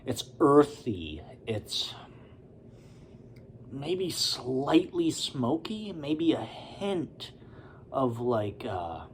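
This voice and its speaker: Male beer reviewer, relaxed and unhurried, mid-pitched, casual rambling delivery. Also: slight background noise. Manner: relaxed, rambling, with many fillers and asides.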